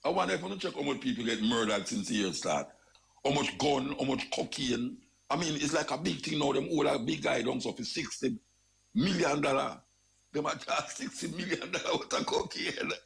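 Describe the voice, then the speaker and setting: A man's voice: mid-range voice, a little fast, vocal fry, slight background noise. A man with a Jamaican accent, hosting a talk show and ranting about crime in casual, repetitive, emphatic commentary. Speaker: radio talk show host.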